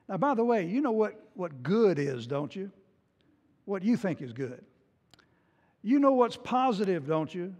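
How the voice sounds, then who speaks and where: A man preaching a sermon, retelling a scripture story in a lively storytelling way and sometimes acting out its scenes. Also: high-pitched, unhurried, pauses often. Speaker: pastor. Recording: long hall reverb.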